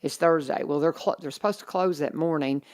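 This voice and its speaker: Chatty woman radio host. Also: deep voice. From Kentucky Lake region. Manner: chatty and animated, quick asides. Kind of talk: casual morning radio chat.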